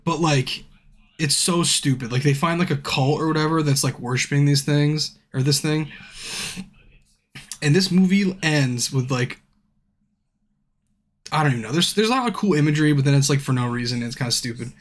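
A man's voice: fairly high pitch, normal speed, long pauses. Profane, rambling male streamer. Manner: loose and profane, acts out scenes with hushed character asides. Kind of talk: casual rambling movie recap while gaming.

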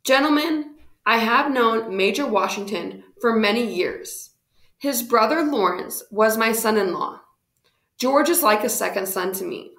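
A woman's voice: fairly high pitch, animated, a little slow, creaky, fairly bright tone, full character voice. A woman reading aloud, voicing an older male colonel who earnestly defends a young man like a father, in an echoey room.

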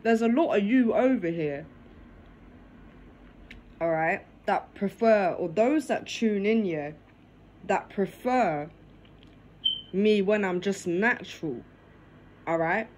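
A woman's voice: mid-range voice, slow pace, long pauses, a little mellow, rough recording. A woman vlogging casually to camera over dinner, filmed on a phone in her lap in her living room, tagging nearly every phrase with "yeah?". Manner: talks while eating dinner.

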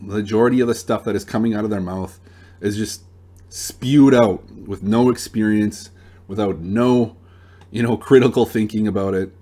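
A young man with a somewhat low voice delivers a casual advice monologue. He talks in a relaxed, plain-spoken way, sometimes restarting a sentence mid-thought. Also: normal speed. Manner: relaxed, plain-spoken, uses gun comparisons, some restarts. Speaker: dating advice channel host.

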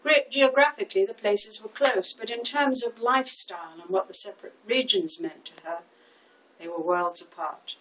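A woman in her seventies narrating a short story in a measured, expressive reading. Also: mid-range voice, far from the mic, a crowd in the background, low-quality recording. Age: 70s. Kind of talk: audiobook reading.

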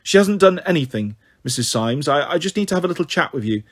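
Calm soothing care worker lady, read by a man, husky, a bit high. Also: fast. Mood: reassuring.

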